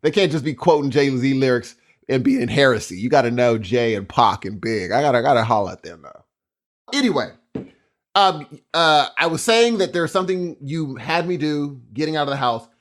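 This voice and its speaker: A middle-aged man co-hosting a podcast, talking in casual, animated bursts of storytelling. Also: mid-range voice, normal speed. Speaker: podcast co-host. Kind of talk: casual chat.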